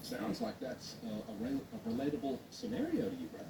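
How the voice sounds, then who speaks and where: A man's voice: high voice, wildly swooping pitch, brisk, vocal fry. A man reacting to a clip, sarcastic and incredulous. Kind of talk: casual reaction chat. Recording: roomy, distant, noisy.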